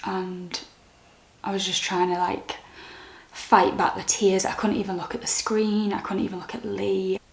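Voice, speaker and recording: A young British woman vlogger telling a personal story to camera in a soft, candid, halting way that turns emotional. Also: medium pitch, little pitch movement, creaky. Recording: echoey room.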